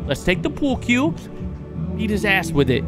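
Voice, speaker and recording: An excitable man commentating a game he's playing, jokey and quick to swear at it. His pitch leaps around as he reacts, with game music under him. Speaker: let's play host. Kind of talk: gameplay commentary.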